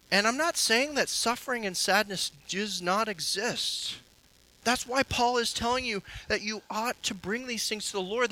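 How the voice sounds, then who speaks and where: A man's voice: high-pitched, pushed and bright, low-quality recording. A man preaching a sermon as pastor, earnest and exhorting, driving his points home by repeating them. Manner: earnest, exhorting, emphatic repetition.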